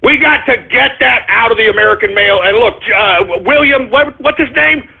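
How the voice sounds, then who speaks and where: A man's voice: very high voice, normal speed, creaky, husky. Ranting man on a muffled phone line. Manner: angry, profane, repetitive ranting. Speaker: radio show host. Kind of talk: ranting call-in radio monologue.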